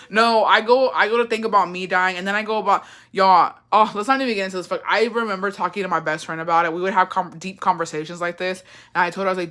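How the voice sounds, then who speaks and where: A woman's voice: lowish voice, steady tone, fast talker, a bit bright. A young adult woman, chatting casually with her viewers, blunt, profane and playful, and calling them bestie. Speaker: livestream host reading viewer comments. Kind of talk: casual chat.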